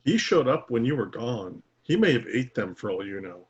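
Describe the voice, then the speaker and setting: A man's voice: mid-range voice, very animated, moderate pace, husky, lo-fi sound. A man playing in a tabletop game, chatting casually with a teasing, explaining manner. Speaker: player.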